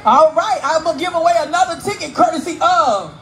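A woman emceeing a live outdoor community event on a handheld mic, teasing and working the crowd loudly. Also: extremely high pitch, brisk, slight background noise, rough recording. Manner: playful, teasing, loud crowd-work. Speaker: event emcee and radio host. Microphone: handheld microphone.

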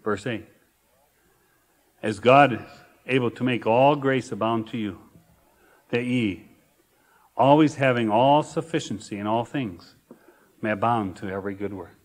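A male pastor preaching a sermon, reading scripture slowly and building to emphatic repeated phrases. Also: mid-range voice. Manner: preaching with rising emphatic repetition; reads scripture slowly and deliberately.

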